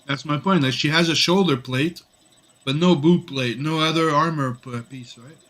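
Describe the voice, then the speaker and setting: A man's voice: on the high side, moderate pace, a bit bright. Sick male streamer, casual rambling chat while drawing. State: sick with a cough. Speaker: comic artist streaming.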